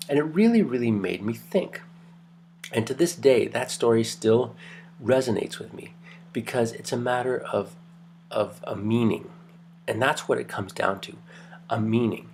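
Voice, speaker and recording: A man's voice: medium pitch, normal speed, darkish tone, slight background noise. A middle-aged man giving a casual university lecture, telling anecdotes in a rambling way with many restarts. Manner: rambling, restarts, lots of fillers.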